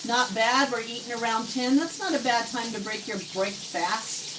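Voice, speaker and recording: Woman vlogger, forties, a bit high-voiced, chatty self-talk while cooking, faint kitchen sizzle. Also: moderate pace, noisy background. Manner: chatty, talks to herself and viewers. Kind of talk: casual chat while cooking. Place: home kitchen.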